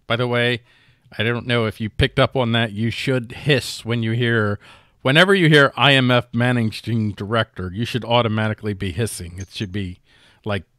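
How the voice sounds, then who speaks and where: A man's voice: mid-range voice, moderate pace, fairly bright tone, no echo, clean studio sound. A man co-hosting a podcast, chatting casually and sarcastically with rambling restarts. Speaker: podcast co-host. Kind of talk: casual political chat.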